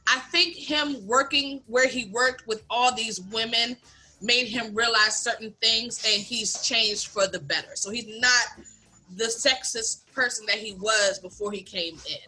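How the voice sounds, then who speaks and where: A woman's voice: on the high side, measured pace. A young woman with a Philadelphia accent telling a workplace story on a casual podcast, candidly acting out what everyone said. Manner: animated, candid storyteller, acts out quotes. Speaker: podcast co-host, bartender.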